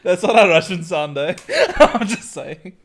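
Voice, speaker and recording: A woman's voice: fairly low pitch, big pitch swings, a little slow. A woman, a podcast co-host who giggles a lot, teases, and echoes what the others say. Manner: giggly, teasing, repeats others' words. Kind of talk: casual banter.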